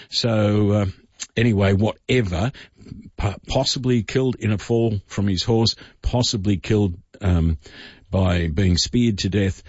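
A man tells history in an unhurried, rambling way on radio. His voice is a little husky, and the sound is dry and somewhat dull. He keeps stopping to restart his sentences. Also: on the low side, no echo. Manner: rambling, many fillers and restarts. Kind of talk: casual radio storytelling.

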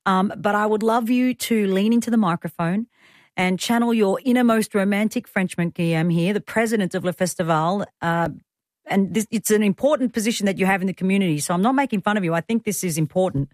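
A woman hosting a radio show in a studio, bubbly and quick to laugh, reading passages with playful drama. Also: medium pitch, dry recording. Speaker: radio host. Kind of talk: lively radio chat. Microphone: studio microphone.

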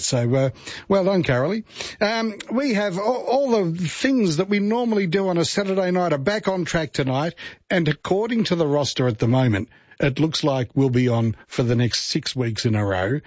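An Australian man hosting a radio show, chatting casually with a slightly husky voice. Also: medium pitch, dry recording, dull audio. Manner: chatty, joking, relaxed. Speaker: radio host. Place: radio studio. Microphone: studio mic.

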